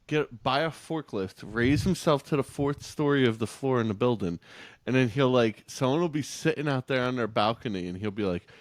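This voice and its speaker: A man's voice: mid-range voice, dry recording. A man co-hosting a podcast in loose, joking banter with lots of fillers. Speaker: podcast co-host.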